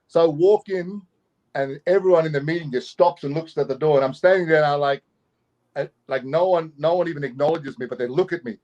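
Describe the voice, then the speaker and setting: A middle-aged Australian man with a slightly high voice, spinning a long anecdote as a guest. He laughs easily and slips into the voices of the people he meets along the way. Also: brisk, lo-fi sound. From Queensland, Australia. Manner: animated, laughing, acts out the people in his story. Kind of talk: casual storytelling.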